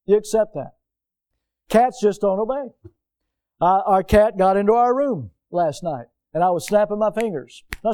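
A pastor preaching a folksy, animated sermon in a church, moving around the pulpit as he talks. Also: sits high. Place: church sanctuary.

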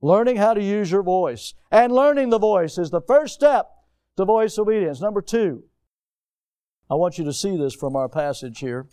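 A middle-aged man preaches with an emphatic, high-set voice that jumps from near-shouting to a hushed hush. He keeps asking the congregation questions and repeating points to drive them home. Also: lively intonation, normal speed, smooth. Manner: emphatic, rhetorical questions, swings between loud and hushed. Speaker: pastor. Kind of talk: sermon.

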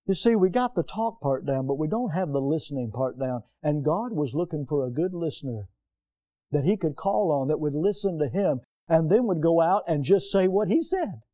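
A pastor preaching with lots of movement and homespun stories. His voice sits high for a man but sounds soft and mellow. He delivers his sermon from a church pulpit. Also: normal speed. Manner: animated, moves around the pulpit, folksy storytelling. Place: church sanctuary.

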